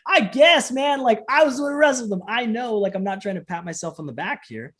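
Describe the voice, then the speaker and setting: A man talking casually as an interview guest, telling an animated story with lots of "like" and acting out what people said. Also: very high-pitched, a little fast. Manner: animated, acts out the voices of people in his stories, fills in with "like". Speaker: professional wrestler, interview guest.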